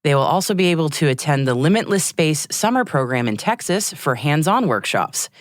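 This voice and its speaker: Woman co-host, scripted news read, animated pitch, dry studio sound. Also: fairly quick, no echo. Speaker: podcast co-host.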